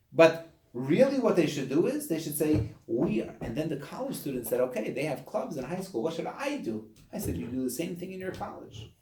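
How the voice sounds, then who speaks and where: Echoey gravelly man teaching a class. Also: on the high side. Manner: animated, acts out voices of people. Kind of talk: lesson to a study group.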